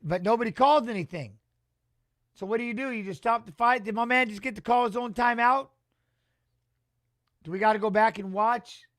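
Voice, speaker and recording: Excitable high-voiced man streaming fight commentary. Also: fairly quick, long pauses, no echo, studio quality. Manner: excitable, rambling, talks back to chat. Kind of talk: live-stream watch-along commentary.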